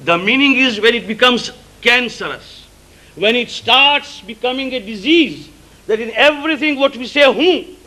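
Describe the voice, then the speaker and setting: High-voiced man preaching emphatically. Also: expressive, bright, forceful tone, rough recording. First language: Gujarati. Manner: emphatic, repeats key words, explains terms slowly. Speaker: religious preacher. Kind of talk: sermon.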